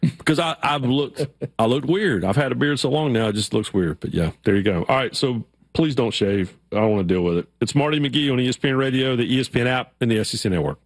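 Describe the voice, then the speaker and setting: Sports radio host, man, lively storyteller, close dry studio mic. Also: medium pitch, fast, dry recording. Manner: animated storyteller, acts out shouted quotes.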